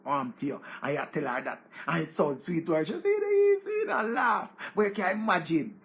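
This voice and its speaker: A Jamaican man talking loosely as a show host. His voice sits fairly high and carries a gravelly rasp. He gets excitable, repeating words and crying out. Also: quick pace. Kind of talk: casual commentary in Patois-laced English.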